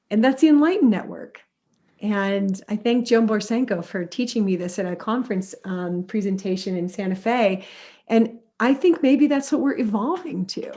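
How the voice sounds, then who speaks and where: Animated middle-aged woman music therapist. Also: medium pitch. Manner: animated, storytelling with acted-out quotes. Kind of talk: conversational interview answers.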